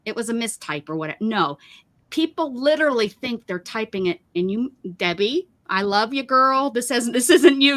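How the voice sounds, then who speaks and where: Brief: woman host, rambling casual chat, emphatic rants, very lively pitch. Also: normal speed. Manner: rambling, emphatic, ranting about pet peeves. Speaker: craft livestream host.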